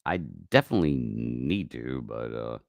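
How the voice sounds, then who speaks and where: Deep, rambling, swearing livestream host man. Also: animated, unhurried, creaky, no echo, studio quality. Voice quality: profane, rambling. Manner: swings from mumbling to loud outbursts. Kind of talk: casual livestream talk.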